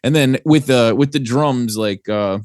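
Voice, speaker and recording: A man's voice: mid-range voice, unhurried, darkish tone, clean tone, no room sound, studio quality. A young man from New Jersey, a guest, chatting casually on a podcast in a laid-back, rambling way and swearing freely. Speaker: guest, band singer.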